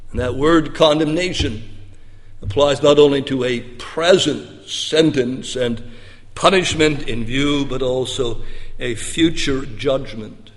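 A man preaching a sermon with emphatic delivery, swinging between loud bursts and soft, low stretches. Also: takes it slowly. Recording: long reverb of a large hall.

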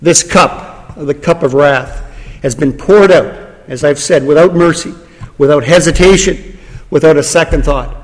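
A man delivers a dramatic sermon in a notably high voice. He slows and drops quiet on key phrases for weight. The sound rings out with a long hall reverb. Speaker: preacher.

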